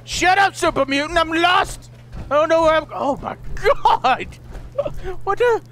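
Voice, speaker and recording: A young man doing comedic gameplay commentary, shouting mock-heroic boasts with goofy bravado. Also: extremely high pitch, lively intonation, unhurried, soft background music. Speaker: gaming YouTuber.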